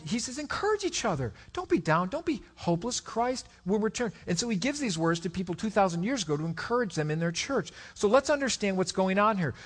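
A male pastor preaching a sermon, reading scripture and making animated asides to the congregation. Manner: animated preaching, pitch and volume swinging widely, with asides to the congregation.

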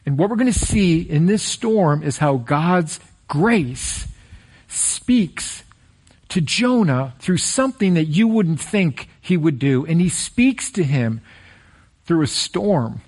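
A middle-aged man preaching a sermon as pastor, earnest and animated, with direct appeals to the listeners. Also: a little high, slow, breathy edge.

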